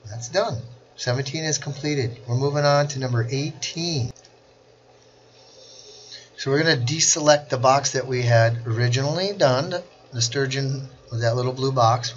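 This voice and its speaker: Slow, methodical male tutorial instructor. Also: mid-range voice, muffled recording, a little hiss or hum. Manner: slow, step-by-step, talking through clicks. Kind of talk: screen-recorded software tutorial.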